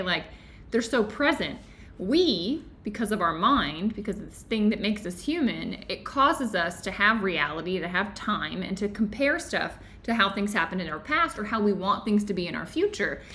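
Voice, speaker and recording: A woman hosting a book club discussion, talking casually and telling stories in an animated, chatty way with lots of "like"s. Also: mid-range voice, brisk. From Florida, USA. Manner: chatty, animated storytelling with many "like"s.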